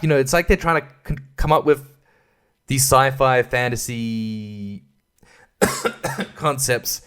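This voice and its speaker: A man's voice: mid-range voice, unhurried, pauses often, fairly bright tone, smooth. An Australian man hosting a solo podcast, rambling casually with lots of swearing and stumbling restarts. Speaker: podcast host.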